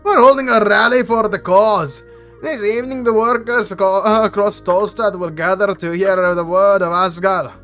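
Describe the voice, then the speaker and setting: A man voicing a proud, indignant male dwarf labor organizer in a video game, speaking loudly and with heat. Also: high-pitched, steady tone, normal speed, faint music behind, pitched above the performer's own voice. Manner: loud and indignant.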